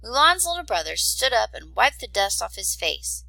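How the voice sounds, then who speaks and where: A woman narrating a storybook tale in an expressive read-aloud style. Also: mid-range voice, moderate pace, gravelly, hardly any pauses, no room sound, rough recording.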